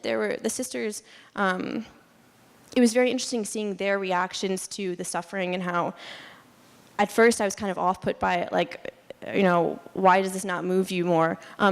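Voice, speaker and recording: A woman's voice: mid-range voice, clean tone. A young woman giving a casual student presentation, chatty with many fillers and frequent laughs. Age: young adult. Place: lecture hall. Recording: long reverb in a hall.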